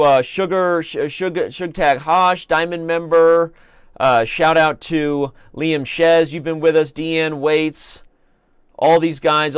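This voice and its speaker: A man hosting a live online chess show, commenting on games in a chatty, joking way and reading out viewer shout-outs. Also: on the high side, no echo. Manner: chatty and joking, with playful asides.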